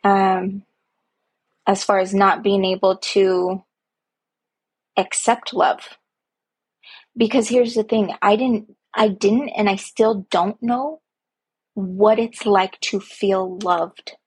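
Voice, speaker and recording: A woman with a slightly husky, mid-range voice speaks slowly and with little change in pitch, sharing a personal, reflective monologue. She is a podcast host and a parent, somewhere between young adult and middle-aged, and she talks earnestly from the heart about her own life, repeating phrases for emphasis.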